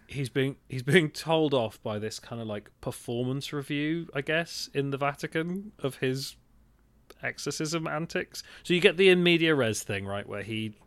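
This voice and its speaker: Animated man, dry close sound. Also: mid-range voice, moderate pace, no room sound. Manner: rambling, animated, swears and laughs often. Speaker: podcast co-host. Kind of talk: casual film chat.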